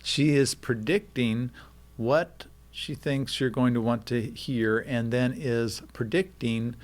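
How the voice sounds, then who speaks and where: A man at medium pitch, explaining a technical subject as a radio guest. He talks like a lecturer, patient and methodical, with a lot of "uh" and "um" fillers. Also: slow pace. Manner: explanatory, with frequent "uh" and "um". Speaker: guest expert on deepfakes.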